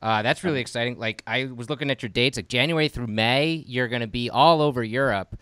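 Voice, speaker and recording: A man hosts a podcast and asks his guest easygoing questions in relaxed conversation. His voice is smooth and resonant, at a middle pitch, and it is recorded dry and close with no room sound. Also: fairly quick, no room sound. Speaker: podcast host. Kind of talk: casual interview.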